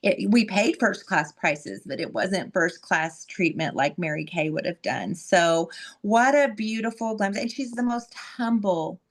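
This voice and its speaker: A woman's voice: medium pitch, a little slow. A woman host giving an effusive, heartfelt introduction of a guest, often repeating words as she gets emotional.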